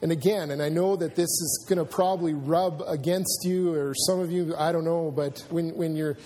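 A man preaching a sermon in a church, earnest and halting, often restarting his sentences and filling pauses. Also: on the high side, steady tone, dark tone, a little hiss or hum. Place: church sanctuary.

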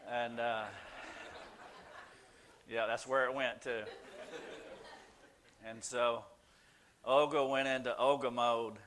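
A man's voice: mid-range voice, little pitch movement, slow pace, pauses often, fairly bright tone, slight background noise. An older man, a Christian counselor, telling folksy, self-deprecating stories to a small group in a casual way, with many "uh" fillers. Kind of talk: casual storytelling talk.

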